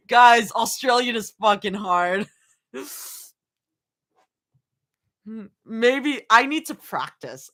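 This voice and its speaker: A woman's voice: fairly high pitch, sharp tone. A young woman reading fanfiction aloud on a livestream, often breaking into giggles and chatting with viewers. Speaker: fanfiction reader and streamer. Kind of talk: live reading with reactions.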